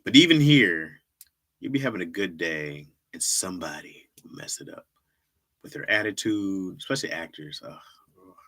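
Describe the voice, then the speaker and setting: A middle-aged man hosts a loose livestream chat, rambling through his thoughts and circling back to the same lines. His voice is bright and sharp, with a lively pitch that bounces around as he talks. He laughs easily and answers chat comments as they come in. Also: normal speed. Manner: rambling, repeats himself, laughs often, reacts to chat. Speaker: livestream host. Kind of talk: casual stand-up style chat.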